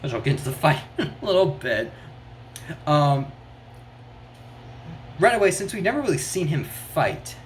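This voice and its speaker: Casual reviewer, excitable, lots of filler words and restarts, middle pitch, faint background hiss. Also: moderate pace, long pauses. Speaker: show reviewer.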